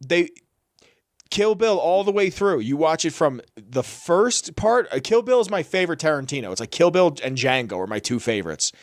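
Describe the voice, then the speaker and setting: A man co-hosting a podcast, telling stories in a casual, animated and profane way. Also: fairly high pitch, moderate pace, dry recording, clean studio sound. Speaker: podcast co-host. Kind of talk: casual chat.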